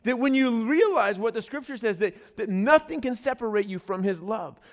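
A man preaching a sermon, telling stories with acted-out voices and dropping into quiet asides. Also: very high-pitched, lively intonation, normal speed, in a large hall. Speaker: pastor.

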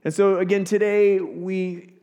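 A man preaching a sermon as pastor, telling stories with lively acted-out voices. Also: high voice, measured pace. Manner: animated storyteller, acts out voices. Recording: reverberant church hall.

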